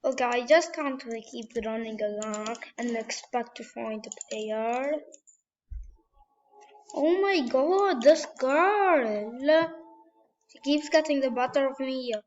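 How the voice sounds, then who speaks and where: A young woman with a high voice talks her way through a shooter game, muttering, trash-talking and now and then shouting at the screen. She speaks slowly, drawing her words out between her outbursts. The recording sounds dull and lo-fi. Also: a little hiss or hum. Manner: animated, trash-talking, bursts of yelling. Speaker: gamer. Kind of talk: casual gameplay commentary.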